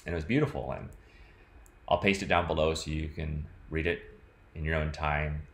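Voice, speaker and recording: Man, very low voice, loose rambling vlog musings, lots of verbal filler. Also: steady tone, normal speed, vocal fry. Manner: rambling, full of "like" and "you know". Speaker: vlogger. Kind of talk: casual reflective talk to camera.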